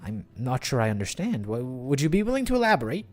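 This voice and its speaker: A man's voice: mid-range voice, sing-song, fast, natural voice. A man voicing an earnest young male scholar from a game, speaking formally and politely. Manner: formal, polite read-aloud.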